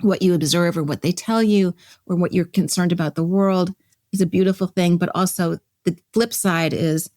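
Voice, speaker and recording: Woman, podcast guest, lower voice, candid, emotional, reflective, restarts often, dry close sound. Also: fairly even intonation, normal speed, darkish tone, dry recording. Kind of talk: candid conversational interview.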